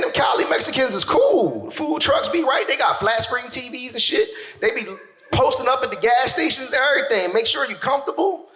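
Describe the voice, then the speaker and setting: A male stand-up comedian telling a profane story, animated and shouting his punchlines on stage. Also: high-pitched, reverberant.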